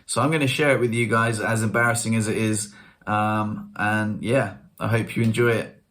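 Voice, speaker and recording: A man's voice: fairly low pitch, steady tone, normal speed, a bit bright. A man vlogging in a casual chat to camera, telling stories with slangy, self-mocking humour.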